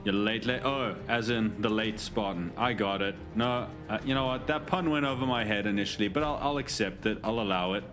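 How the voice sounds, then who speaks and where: A man's voice: on the low side, brisk, few pauses, over music. A man live-streaming, chatting casually and jokingly with his chat, with many restarts.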